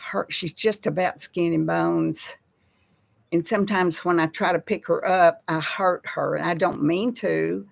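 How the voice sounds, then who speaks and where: An older woman chatting casually with live viewers in a slow, folksy way. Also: lowish voice, gravelly. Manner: slow folksy talk, baby voice to her pets. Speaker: host of a live chat with viewers. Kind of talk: casual live-stream chat reading viewer comments.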